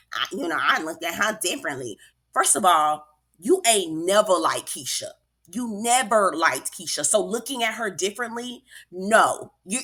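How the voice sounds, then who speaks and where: A woman's voice: on the low side, bright, forceful tone. A woman giving a sassy, emphatic casual recap of a reality show, talking straight to her viewers. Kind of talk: casual commentary vlog.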